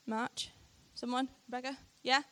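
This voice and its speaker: A young woman shares her testimony with a church crowd, laughing often and acting out the lines she quotes. Her voice sits a little high. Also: unhurried. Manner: animated storytelling, frequent laughter, acts out quoted lines. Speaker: speaker sharing a testimony. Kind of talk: personal testimony to a church audience.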